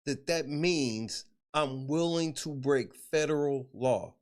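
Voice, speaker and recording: A man's voice: a little high, slow pace. A man hosting a podcast, ranting casually with lots of profanity and laughing between his points. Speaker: podcast host.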